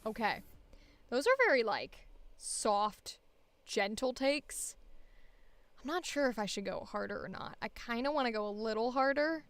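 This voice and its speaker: Brief: woman voice actor, casual frank self-talk, slightly high voice, self-critical. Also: animated, a little slow, fairly bright tone. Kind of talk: casual self-talk while recording auditions.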